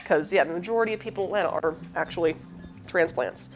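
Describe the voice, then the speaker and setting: A woman's voice: fairly low pitch, fast talker, over music. A woman hosting a cooking demo, chatting casually with rambling asides while she cooks, her accent a light Southern lilt mixed with Midwestern. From southern United States. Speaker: cooking show host.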